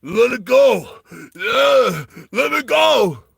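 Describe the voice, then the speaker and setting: A man playing a desperate action-hero mountain climber, yelling frantically. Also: very high-pitched, very animated, slow, gravelly, slightly rough, no echo, voice pushed up, exaggerated voice. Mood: pleading. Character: desperate shouting action-hero climber, male, middle-aged.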